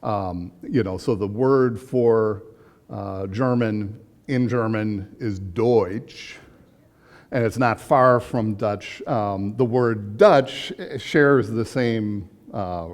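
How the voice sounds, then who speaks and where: A man's voice: lowish voice, extremely slow. A man teaching an adult education class in a casual lecture style, chatty, with frequent fillers and restarts.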